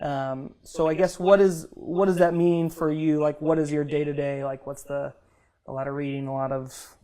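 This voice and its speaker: A woman's voice: low-pitched, fairly even intonation, normal speed, warm tone. A woman hosting a casual interview, rambling a little with lots of fillers and joking at her own expense. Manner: rambling, self-deprecating, many fillers. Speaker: podcast host.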